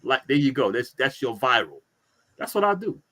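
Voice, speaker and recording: A man co-hosting a casual talk show, telling stories in an animated way and acting out his own reactions. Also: medium pitch, normal speed. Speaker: co-host. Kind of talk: casual chat.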